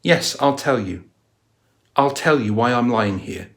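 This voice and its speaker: A man's voice: medium pitch, expressive, unhurried, lightly acted. A man reading the lines of a troubled man lying on a pavement, who pleads to be left alone and won't say why. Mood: pleading. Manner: pleading, withholding.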